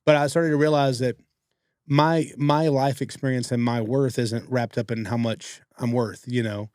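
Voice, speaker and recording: A man, co-hosting a podcast and telling stories in a casual, animated way, acting out what other people said. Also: mid-range voice, clean tone, no echo, clean studio sound. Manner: fast-talking, animated quoting of others. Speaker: podcast co-host. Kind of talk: casual storytelling.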